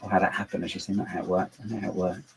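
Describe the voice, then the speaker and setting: Deep, creaky, and flat, this man's voice comes out rapid-fire, and the audio is poor. A channel host building models on his computer, he livestreams casually from home, rambling self-deprecatingly and talking to himself and his dog.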